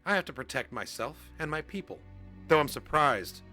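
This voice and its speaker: A man's voice: fairly high pitch, sing-song, normal speed, sharp tone, soft background music, voice pushed up. A man voicing a haughty adult female crime queen who talks in a cold, imperious way.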